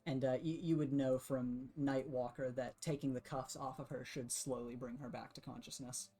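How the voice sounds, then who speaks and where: A woman game master narrating a superhero tabletop game in a relaxed, plain way. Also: a bass voice, moderate pace, husky, faint music behind.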